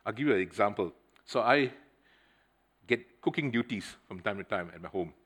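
A middle-aged man preaching a sermon, telling a personal story in a conversational, animated way and speaking straight to the congregation. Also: lowish voice, normal speed. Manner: conversational, addresses the congregation directly; animated storytelling with swings in loudness.

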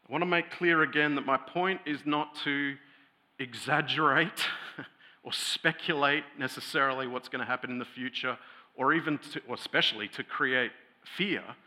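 A man's voice: mid-range voice, normal speed. A man, a pastor, preaching a conversational sermon, telling stories with many fillers and restarts. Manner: storytelling, growing loud and heated when retelling an angry scene.

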